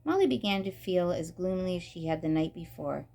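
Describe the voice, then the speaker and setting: Woman reader, expressive children's book narration. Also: on the low side, a little fast, vocal fry. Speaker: storybook reader. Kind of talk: reading a children's book aloud.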